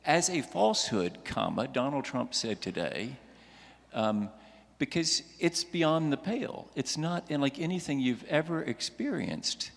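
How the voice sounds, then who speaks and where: Emphatic male panelist, gravelly and high-pitched, with a lively delivery in a large hall. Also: a little slow. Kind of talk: panel discussion. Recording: long reverb of a large hall.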